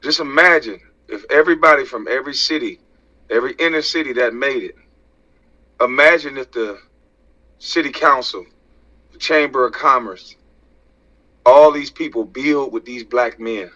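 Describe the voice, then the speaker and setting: With long pauses at a moderate pace, a mid-range male voice, pushed and bright, carries this heated, profane rant to camera. The American social media commentator preaches and lobs rhetorical questions, all in dull lo-fi sound.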